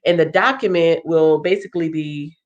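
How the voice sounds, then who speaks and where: A woman's voice: sits low, normal speed, dull audio. Congested woman hosting a livestream. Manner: chatty, thinking aloud with fillers. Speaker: livestream host. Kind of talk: casual livestream walkthrough.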